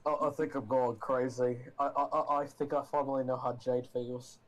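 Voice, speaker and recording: A man's voice: medium pitch, flat delivery, moderate pace, lightly acted, rough recording. A man voicing a panicky young dragonborn man who stammers and is flustered. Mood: panicked.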